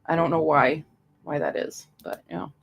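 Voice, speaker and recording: A woman's voice: sits low, steady tone, normal speed, gravelly. A woman streamer chatting casually and rambling to her viewers. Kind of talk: casual live-stream chat.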